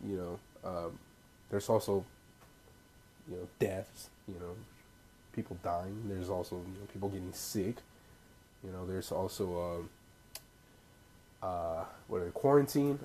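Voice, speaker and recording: A man's voice: lowish voice, a little mellow, slightly rough. A man ranting casually to his viewers, loose and profane, with rambling asides and frequent laughs. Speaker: vlogger. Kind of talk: casual profane rant to camera.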